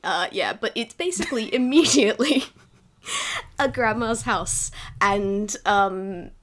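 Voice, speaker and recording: A woman's voice: medium pitch, slow pace, a bit bright. A woman narrating a tabletop game as game master, in a rambling, chatty way, often laughing.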